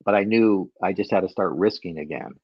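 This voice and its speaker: A man's voice: deep voice, brisk, husky, no room sound, dull audio. A man in his fifties, a guest from the Chicago area, telling a personal story with many restarts and laughing at himself.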